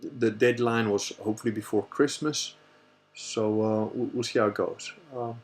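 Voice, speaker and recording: A man hosting a casual Q&A livestream, telling a story in a rambling, animated way and swearing freely. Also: on the low side, moderate pace. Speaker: host answering viewer questions.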